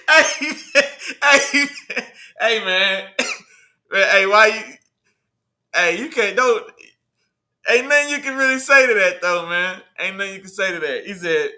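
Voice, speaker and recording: A high-pitched man hosts a casual sports livestream. He talks in loose slang and banters with his chat. His voice is very bright and forceful. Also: a little slow. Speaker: livestream host.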